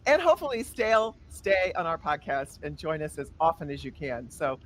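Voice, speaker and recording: A woman's voice: low voice, very animated, moderate pace, slight background noise. A woman hosting a podcast, chatting with guests in an upbeat, enthusiastic way. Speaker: podcast host. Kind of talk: casual podcast chat.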